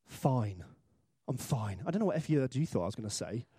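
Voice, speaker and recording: A man's voice: medium pitch, very animated, rapid-fire, dark tone, husky, no room sound, studio quality. A man from Britain preaching a sermon in church, chatty and self-deprecating, acting out little voices for humor.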